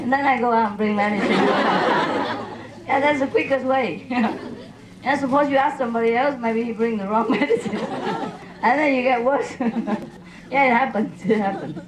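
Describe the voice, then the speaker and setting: A woman's voice: a little high, normal speed, crowd noise, background noise. A woman spiritual teacher answering questions from a gathering in non-native English, playful and laughing often.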